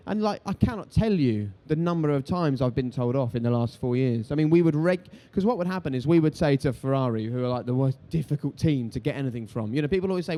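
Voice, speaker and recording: A quick, animated man in his thirties tells stories on a live event stage. His voice is dark and mellow, and he acts out the voices of people in his anecdotes. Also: on the high side. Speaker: TV sports presenter, interviewed guest. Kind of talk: lively anecdotal storytelling on stage.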